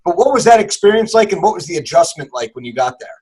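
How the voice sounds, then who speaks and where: Husky, higher-voiced male podcast host. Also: big pitch swings, fast, darkish tone, poor audio. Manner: asks long, hedged questions with restarts. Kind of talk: interview questions.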